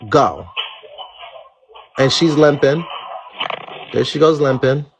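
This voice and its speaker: A man's voice: mid-range voice, slow pace, creaky, noisy background. A man hosting a live stream, talking straight to his viewers in blunt, outspoken commentary, swearing freely and repeating his points for emphasis. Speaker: live-stream show host.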